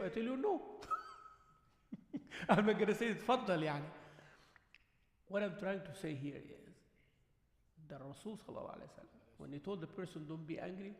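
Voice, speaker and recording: A man teaching a relaxed religious lesson as a sheikh, mixing Arabic words into his English, asking his listeners questions and laughing often. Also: high-pitched. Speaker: sheikh teaching a mosque class. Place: mosque hall. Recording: echoey hall with long reverb.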